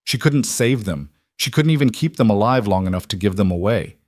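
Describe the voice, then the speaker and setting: A man narrating a western story in a measured, dramatic storytelling manner. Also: lowish voice, animated, dry recording, studio quality. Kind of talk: scripted narration.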